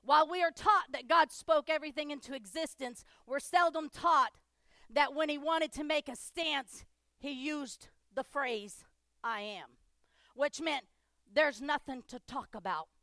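A woman pastor preaching a sermon, driving home repeated declarations and swinging between loud proclamations and hushed asides. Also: sits high, a little slow, dry recording, studio quality.

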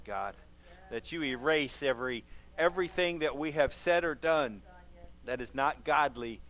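A man's voice: mid-range voice, a bit bright. Emphatic preaching man. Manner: emphatic preaching, repeats phrases for stress. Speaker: pastor. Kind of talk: sermon and closing prayer.

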